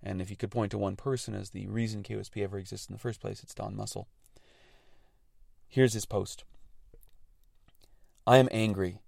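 A male radio host talks in an earnest, reflective monologue, laying out technical points plainly. His voice is low and heavily gravelly with lots of fry. The sound is dry and close. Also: flat delivery, rapid-fire, hardly any pauses, mellow, dry recording. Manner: earnest, thoughtful, explains technical detail plainly.

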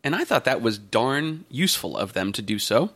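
A man's voice: medium pitch, sing-song, normal speed, a bit bright. A man hosting a tech podcast, talking in a chatty, joking way. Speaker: podcast host. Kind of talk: casual tech podcast chat.

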